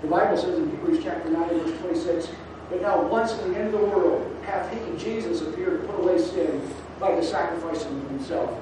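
A man preaching a sermon as a pastor, swinging between loud urging and quiet, soft asides. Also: sits high, fairly quick, background noise. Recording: distant mic in an echoing hall.

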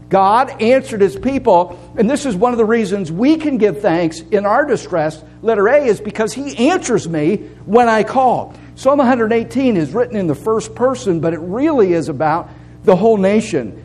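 A man's voice: high-pitched, darkish tone. A man preaching a sermon, reading scripture and building to raised, pressing appeals. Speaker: pastor.

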